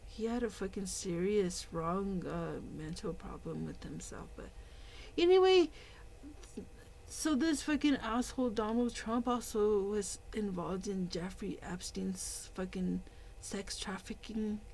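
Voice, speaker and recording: A woman giving a heated, profane rant as a video commentator, with loud outbursts between quieter muttering. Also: medium pitch, a little hiss or hum, low-quality recording. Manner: profane, heated rant full of filler words. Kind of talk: angry ranting commentary.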